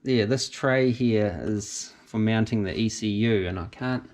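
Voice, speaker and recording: A man's voice: fairly low pitch, a little slow, darkish tone. A man with a New Zealand accent hosting a casual car restoration vlog, thinking aloud and correcting himself as he works in a garage, talking into a handheld camera. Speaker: car restoration channel host. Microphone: handheld camera mic.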